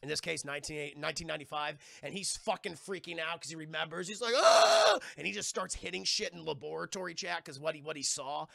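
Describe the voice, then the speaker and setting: A man's voice: on the high side, vocal fry, sharp tone, no echo, studio quality. A man streaming a casual, profane recap of a TV episode, talking to his chat and acting out the characters' lines. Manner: profane, rambling, keeps addressing chat; acts out quoted lines in quick voices.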